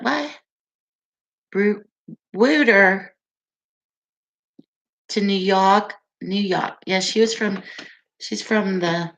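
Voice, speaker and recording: Slow-talking chatty woman in her forties. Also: mid-range voice, fairly bright tone. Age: 40s. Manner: chatty, laughs often, reacts aloud to comments. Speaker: livestream host reading viewer comments. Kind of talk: casual live-stream chat.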